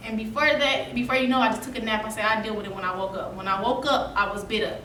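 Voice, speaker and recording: A young woman speaks at a seminar, her voice high, bright and lively. She tells her story with feeling and laughs through it. She sounds distant in an echoey room with faint noise behind. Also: fast talker, few pauses. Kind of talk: motivational storytelling.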